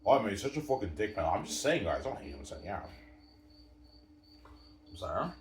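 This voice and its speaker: A man with a very low voice rambles through a casual sports talk, repeating points and insisting they are obvious. He sits a bit back from the mic in an echoey room, with a faint hum of ambience behind him. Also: sing-song, brisk. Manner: repetitive, emphatic, keeps saying obviously and addressing viewers. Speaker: sports commentator. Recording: roomy sound from a distant mic.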